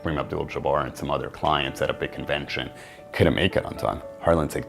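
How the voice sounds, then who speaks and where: A middle-aged man with a very deep voice tells a story as an interview guest, gravelly and low, acting out the lines of the people in it. Soft music plays underneath. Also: brisk. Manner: animated storyteller, acts out quotes. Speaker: interview guest, sports marketing agent.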